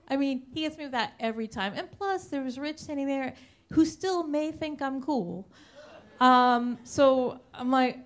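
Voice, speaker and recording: A woman's voice: high voice, animated, moderate pace. A woman telling a personal story on stage at a live show, chatty and self-mocking, acting out what others said. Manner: chatty, self-mocking, full of restarts and quoted voices.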